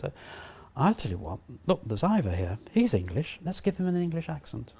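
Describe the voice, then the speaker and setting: A man's voice: on the high side, moderate pace, vocal fry. A man with a French accent reminiscing in an interview, acting out old conversations as he goes. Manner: animated, acts out past conversations. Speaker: puppet animator interviewee.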